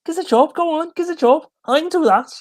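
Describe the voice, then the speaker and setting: A desperate Liverpool man without a job, with a Liverpool accent, pleading over and over for work in a raised voice, as a man puts him on. He repeats the same plea and pushes his voice well above its usual pitch. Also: a little fast. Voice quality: higher, pleading, repetitive.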